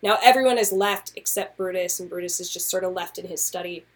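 A woman hosting a casual podcast, chatty and animated as she explains theatre history with quick asides. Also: fairly low pitch. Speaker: podcast host.

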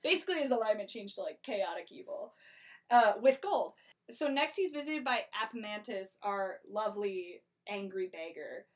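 A young woman breezily recounts the plot of a play, wry and talkative, with plenty of filler words. Her mid-range voice is expressive and moves at a normal speed.

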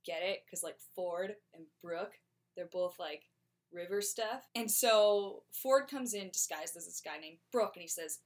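A woman recapping a plot in an animated, chatty way, with "like" scattered throughout. Her voice sits on the low side for a woman. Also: unhurried. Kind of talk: casual plot summary.

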